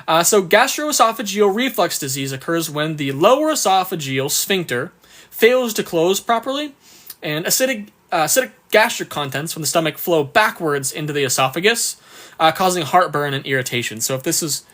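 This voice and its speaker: A man's voice: a little high, expressive, fairly bright tone. A man teaching on a live stream, going through exam questions one by one and cheerfully thanking viewers, with a bout of hiccups. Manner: upbeat, reads questions slowly, thanks viewers often. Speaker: exam prep tutor.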